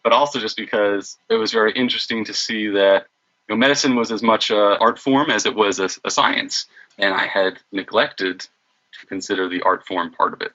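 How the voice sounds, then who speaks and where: A man's voice: fairly low pitch, moderate pace, pushed and bright, muffled recording. A man reflecting casually on his medical training, using lots of fillers. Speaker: medical student or doctor interviewee. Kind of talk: reflective interview.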